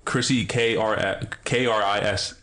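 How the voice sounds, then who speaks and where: A young man from Maryland co-hosting a podcast in casual chat, swearing a lot and jumping up in pitch when excited. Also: measured pace. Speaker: podcast co-host.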